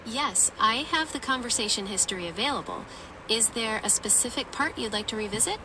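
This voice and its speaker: A synthetic female AI assistant voice giving polite, measured replies. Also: on the high side, animated, recorded from a distance, noisy background.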